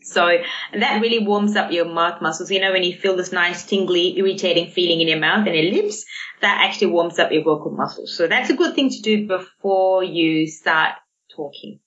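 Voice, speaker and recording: Australian woman, speech therapist guest, lowish voice, chatty, muffled lo-fi sound. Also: moderate pace, a bit bright. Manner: chatty, demonstrates voices, laughs often. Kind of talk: podcast interview. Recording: dull lo-fi podcast audio.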